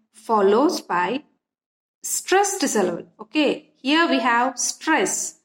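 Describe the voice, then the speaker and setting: A woman's voice: on the high side, very animated, a bit bright. A woman teaching literature in an online lesson, patient and repetitive, often checking that students follow. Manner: slow, patient, repeats key points and checks understanding.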